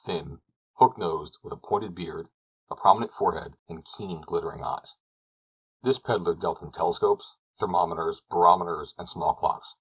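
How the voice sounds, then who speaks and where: A man narrating a classic novel as an audiobook, in a measured, descriptive storytelling manner. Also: deep voice, husky, rough recording.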